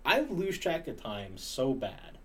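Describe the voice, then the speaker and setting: Jokey man with a lively voice. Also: medium pitch, slow. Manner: laughs often, tells jokes with a grin. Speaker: podcast co-host. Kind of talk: casual chat.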